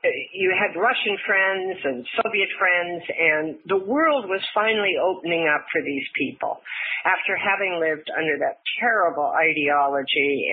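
An older woman journalist, a guest telling her story in an animated way and laughing often. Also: on the low side, breathy edge. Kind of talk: storytelling interview answer. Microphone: phone. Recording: tinny phone line.

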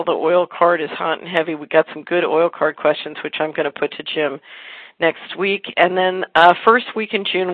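A woman hosting a casual talk show who tells rambling stories in quick bursts and laughs easily. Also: fairly low pitch, no echo. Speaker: podcast host. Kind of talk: casual conversation. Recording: phone-line audio, dry.

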